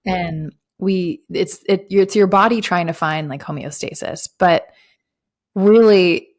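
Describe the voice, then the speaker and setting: A woman speaks in a slightly low voice, sharing a personal story as a podcast guest. Her talk is relaxed and reflective, full of small fillers, in the easy rhythm of a casual conversation. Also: takes it slowly. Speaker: guest, business coach.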